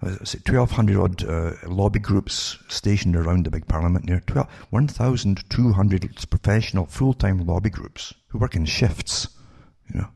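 An older man reads out news articles and mocks them in a sardonic solo commentary, turning to his listeners with rhetorical questions. His voice sits very low and has a rough, gravelly edge. A husky grain runs through his speech. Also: moderate pace, a little mellow. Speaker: political commentator.

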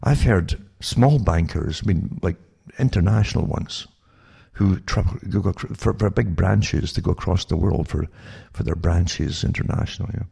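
A man's voice: low voice, normal speed, dark tone. A man giving a rambling spoken monologue, restarting often and tossing in questions like "eh?" to the listener. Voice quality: gravelly, husky. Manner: rambling, with frequent restarts and asides like "eh?". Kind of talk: monologue commentary.

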